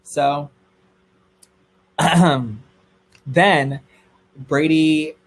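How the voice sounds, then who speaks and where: A young man telling a story on a livestream in a casual, gossipy way, swearing freely and squealing high when excited. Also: drawn-out words, low-quality recording.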